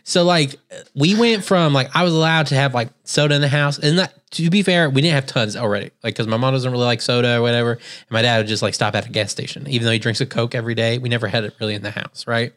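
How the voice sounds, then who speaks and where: A man's voice: medium pitch, quick pace, fairly bright tone. A young man co-hosting a casual podcast, telling rambling stories in a laid-back, profane way. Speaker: podcast co-host. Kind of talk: casual chat.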